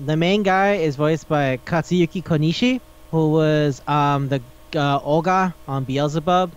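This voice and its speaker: Young man, podcast co-host, animated and swearing, slightly high voice, dull lo-fi recording. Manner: animated, swearing, acts out characters in higher voices. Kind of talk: casual chat about anime.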